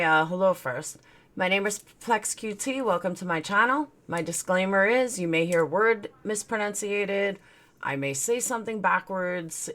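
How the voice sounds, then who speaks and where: A woman's voice: fairly high pitch, a bit bright. A woman hosting her own livestream, chatting casually and joking as she greets viewers by name. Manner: greets chat viewers one by one; chatty, joking, laughs at herself. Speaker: livestream host.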